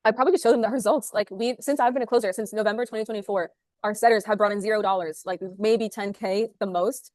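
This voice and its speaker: A woman, a sales manager, talking fast and upbeat as an interview guest over a video call, with lots of "like" fillers. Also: medium pitch, fairly even intonation, a little mellow, no echo, studio quality. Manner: rapid, upbeat, full of "like" fillers.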